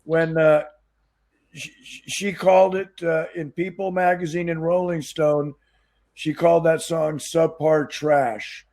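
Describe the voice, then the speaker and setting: A man telling dry, halting anecdotes in a casual Q&A on a video call. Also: on the high side, flat delivery, a little mellow. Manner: dry storyteller, halting with fillers.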